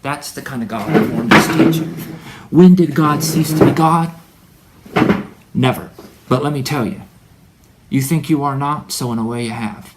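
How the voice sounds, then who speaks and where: A man delivering a rambling spiritual monologue to his son. He is preachy and full of wordplay, and he swings from loud declarations to hushed asides. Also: medium pitch, normal speed, very noisy. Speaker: religious speaker addressing his son.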